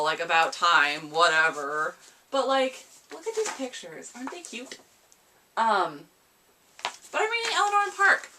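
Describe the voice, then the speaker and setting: Bright-voiced young American woman chatting about books. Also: mid-range voice. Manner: chatty, rambling, playfully dramatic. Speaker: book vlogger. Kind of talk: casual book chat to camera.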